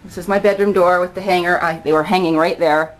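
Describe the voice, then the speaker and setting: A woman's voice: lowish voice, steady tone, quick pace, low-quality recording. An older woman chatting casually in a fitness vlog, rambling and laughing often, a bit out of breath after a workout, recorded on a handheld camera out on her balcony. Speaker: vlogger. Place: outdoor balcony.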